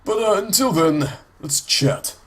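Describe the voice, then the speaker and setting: A man's voice: high-pitched, lively intonation, unhurried, slightly rough. A sick man with a congested, nasal voice gives rambling, casual gameplay commentary for his let's play, full of ums and restarts.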